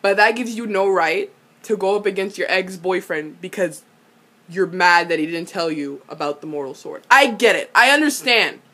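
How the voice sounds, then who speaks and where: A young woman recapping a TV episode in a casual, animated way, exclaiming, swearing and laughing often. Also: lowish voice, normal speed. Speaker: vlogger.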